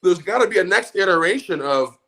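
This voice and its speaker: A man's voice: high-pitched, animated, fairly quick, bright, forceful tone. A middle-aged man co-hosting a podcast, ranting angrily and swearing constantly in casual chat. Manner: angry, profane ranting. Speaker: podcast co-host.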